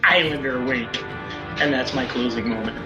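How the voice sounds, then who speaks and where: A man's voice: medium pitch, normal speed, highs cut off. A man playing a tabletop game, talking enthusiastically and laughing easily. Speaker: player. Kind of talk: casual tabletop game chat. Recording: roomy recording with music.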